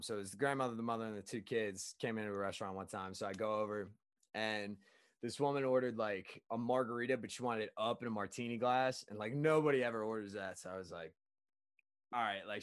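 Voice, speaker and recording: Young guy telling a work story, gets all animated doing voices, dry close mic. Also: no room sound. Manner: animated, jumps to high pitch when quoting. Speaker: restaurant server. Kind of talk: casual storytelling chat.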